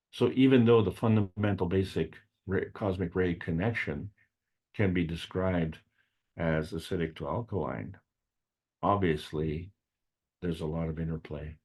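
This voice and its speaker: Man, very low voice, dark tone, rambling meeting talk, halting with fillers. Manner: slow, rambling, with frequent fillers and restarts. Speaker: meeting presenter. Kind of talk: unscripted spiritual science talk.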